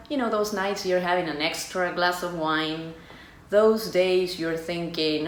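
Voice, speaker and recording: A middle-aged woman from Buenos Aires with an Argentine Spanish accent. She is a tango teacher explaining culture in a chatty, expressive way and acts out little scenes. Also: on the low side, measured pace, a little hiss or hum. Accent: Argentine Spanish (porteño). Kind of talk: casual explanatory vlog. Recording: echoey room with faint ambience.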